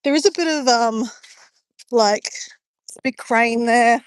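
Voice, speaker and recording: A woman's voice: a little high, takes it slowly, no room sound, clean studio sound. A woman chatting to her live-stream viewers as she walks along a beach, rambling and greeting people by name. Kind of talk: casual live-stream chat. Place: outdoors on a beach.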